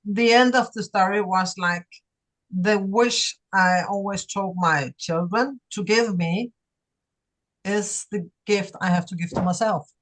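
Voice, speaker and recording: A woman speaking as a client in a therapy session, giving hesitant, halting replies. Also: mid-range voice, poor audio.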